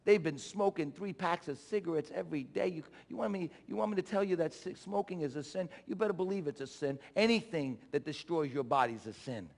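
A male pastor preaching a sermon with impassioned swings from shouting to low, urging the congregation to respond. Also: a little fast, gravelly, few pauses. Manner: call-and-response exhortations. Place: church sanctuary. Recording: long church reverb.

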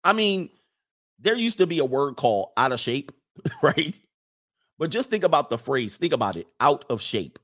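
A man's voice: a little high, big pitch swings, normal speed, long pauses, fairly bright tone. A man hosting a casual livestream, reading viewer comments and rambling through blunt opinions with frequent laughs.

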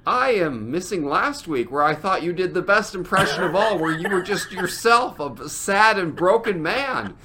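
Deadpan sarcastic male co-host. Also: high-pitched, moderate pace, hardly any pauses, background noise. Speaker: podcast co-host. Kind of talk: comedic banter.

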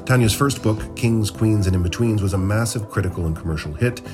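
Guy doing a formal podcast intro, low voice, loud music under him. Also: fairly quick. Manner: formal, announcer-like. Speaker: podcast host, festival director.

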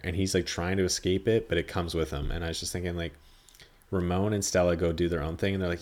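A man's voice: low voice, fairly even intonation, fast talker, darkish tone. A man hosting a podcast, chatting casually and rambling, swearing freely and acting out dialogue as he talks. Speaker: podcast host reviewing a film. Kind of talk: casual chat.

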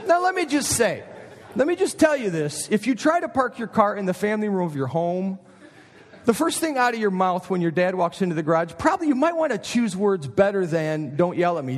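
High-voiced preacher telling an animated story. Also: male voice. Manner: animated storytelling with frequent asides to listeners. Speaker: pastor. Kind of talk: sermon. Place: college chapel. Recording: long chapel reverb.

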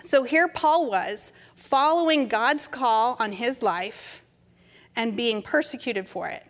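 Gentle middle-aged woman preaching. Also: a little high. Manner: gentle, conversational, unhurried. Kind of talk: storytelling sermon. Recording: reverberant hall.

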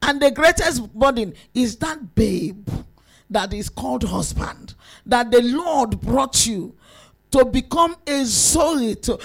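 Preaching to women, a female preacher speaks in a high voice, lively and emphatic, moving between quiet asides and shouted climaxes.

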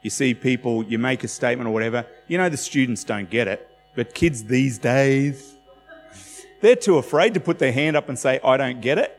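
A man's voice: medium pitch, normal speed, creaky. A man preaching a sermon in a loose, conversational way, with self-deprecating asides and acted-out quotes. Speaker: pastor. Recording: long hall reverb with faint music.

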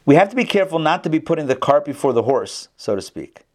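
A man leads an online class on a video call, mixing explanation with lively storytelling. He acts out the people in his stories, swinging his voice up and down. His tone is relaxed and conversational. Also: fairly high pitch, quick pace. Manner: animated storyteller, acts out the characters. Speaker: rabbi teaching an online class. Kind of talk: casual lecture with storytelling.

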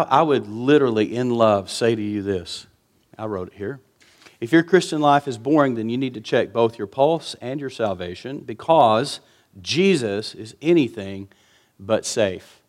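Earnest preacher man in his fifties. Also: mid-range voice. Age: 50s. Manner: earnest and conversational, with emphatic repetition. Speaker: pastor. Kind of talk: sermon.

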